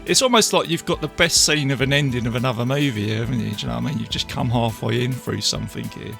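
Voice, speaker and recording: A man's voice: medium pitch, quick pace, gravelly, music in the background. A man, guest on a film podcast, talking chattily with tag questions and quoting scenes. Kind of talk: casual film review chat.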